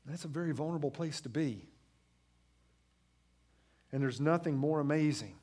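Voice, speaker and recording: A man in his thirties preaching a sermon, moving from quiet, low passages to loud, emphatic ones and acting out family dialogue. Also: moderate pace, pauses often. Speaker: pastor.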